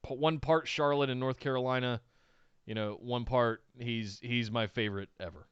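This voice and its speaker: A man from the South, co-hosting a podcast in excitable casual chat over a call, laughing often. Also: mid-range voice, normal speed, clean tone, no echo, highs cut off. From American South. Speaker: podcast co-host. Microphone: remote call.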